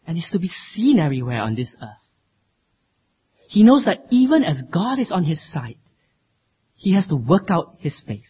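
Male preacher: husky, lively rising delivery, lo-fi phone-line sound. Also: fairly high pitch. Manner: expressive, emphatic delivery with dramatic rises. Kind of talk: sermon.

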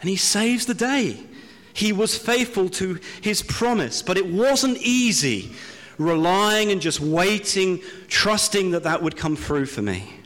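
A man from Britain preaching a sermon, telling a self-deprecating story with slow, drawn-out pauses. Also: high-pitched, expressive, a bit bright. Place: church hall. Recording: long hall reverb.

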